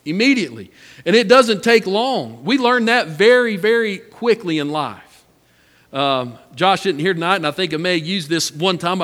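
A man's voice: a little high, a bit bright, in a large hall. A man preaching a sermon, a folksy storyteller who repeats his phrases. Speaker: pastor.

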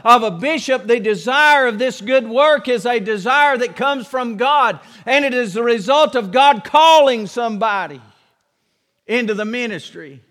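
A man's voice: very high-pitched, a bit bright. A man preaching a sermon in a church, impassioned and repetitive, acting out Bible scenes. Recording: long reverb of a church hall.

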